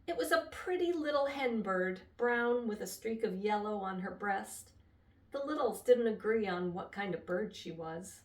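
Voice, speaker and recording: An older woman reading a children's chapter book aloud with expressive, lively storytelling. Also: mid-range voice, a little slow. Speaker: storybook reader. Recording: echoey room, voice from a distance.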